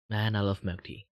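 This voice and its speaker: A man's voice: lowish voice, a bit bright, no room sound. A young man from Malaysia streaming as a VTuber, chatting casually at a desk mic in a rambling, self-mocking way and chuckling often. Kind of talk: casual livestream chat.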